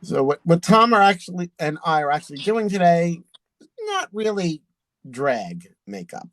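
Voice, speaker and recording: A man's voice: fairly high pitch, huge pitch swings, moderate pace, dry recording, poor audio. A man, a drag performer and channel host, chatting casually while doing makeup and laughing often.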